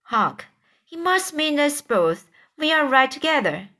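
A woman's voice: high-pitched, very animated, measured pace, pushed and bright, pitched above the performer's own voice, full character voice. A woman doing Tom, a scared young boy. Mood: frightened. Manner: urgent whispering.

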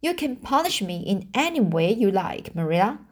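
A woman voicing a stubborn, imaginative young orphan girl, reading her lines slowly and dramatically. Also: mid-range voice, sing-song. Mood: defiant. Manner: dramatic, pleading, slow halting reading.

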